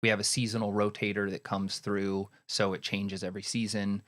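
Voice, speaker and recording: A man in a casual podcast interview, explaining his work as a head cider maker in a relaxed, rambling way with many fillers. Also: lowish voice, brisk.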